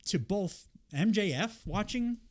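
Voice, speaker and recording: A man's voice: sits high, animated, unhurried, darkish tone. Man with a cold, podcast host, rambling casual wrestling talk, swears a lot. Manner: rambling, profane, lots of fillers and quoted impressions. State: has a cold. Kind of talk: casual wrestling recap chat.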